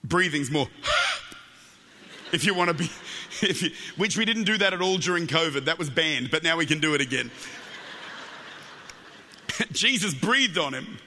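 Australian male preacher, high and very bright, animated storytelling, long church reverb. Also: moderate pace, pauses often, slight background noise. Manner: animated storytelling with jokes, stumbles and repeats words. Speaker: guest preacher. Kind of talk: Pentecostal sermon.

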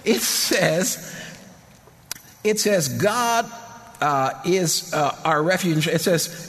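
A middle-aged man preaching a sermon in a church, impassioned, repeating phrases and shouting at the peaks. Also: sits high, expressive, takes it slowly, gravelly. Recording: long hall reverb.

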